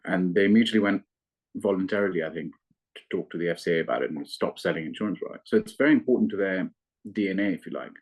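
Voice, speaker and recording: A man working as a fund manager, explaining investments in a measured, analytical way with frequent restarts. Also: low-pitched, expressive, slightly rough. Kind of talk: investment interview.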